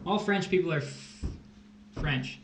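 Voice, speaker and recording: A man's voice: on the high side, measured pace. A man tutoring test prep on a casual livestream, joking and rambling as he explains math. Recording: echoey room, faint hiss.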